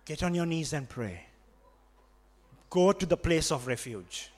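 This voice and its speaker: A man's voice: fairly high pitch, animated, measured pace. A man with a Sri Lankan accent preaching a sermon, emphatic and repetitive, switching between English and Sinhala.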